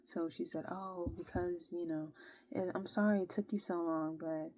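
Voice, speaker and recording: A young woman casually telling a long personal story, animated and exasperated, with plenty of slang. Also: on the low side, normal speed. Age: young adult. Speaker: vlogger.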